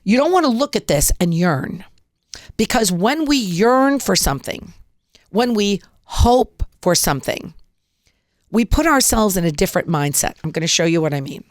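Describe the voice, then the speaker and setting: A woman's voice: medium pitch, very animated, moderate pace, no room sound, studio quality. Upbeat motivational woman host. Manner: upbeat, motivational, acts out examples. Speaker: podcast host. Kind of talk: casual instructional talk.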